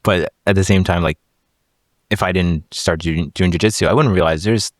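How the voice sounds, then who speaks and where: A young man from India and Sri Lanka talks things through as a podcast host. His voice is deep and sounds dry and close to the mic. He often stalls and repeats words before landing a point. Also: dry recording. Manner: halting, repeats words while searching for a point. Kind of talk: casual conversation.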